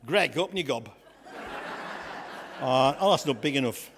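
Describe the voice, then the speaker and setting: A man playing a boastful, comic young shepherd lad, chatting and joking with a church congregation in a raspy voice. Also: mid-range voice, lively intonation, unhurried, a bit bright. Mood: cheeky. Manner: chatty, jokey, asides to the congregation. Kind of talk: comic storytelling sketch in church. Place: church hall. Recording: echoey church hall.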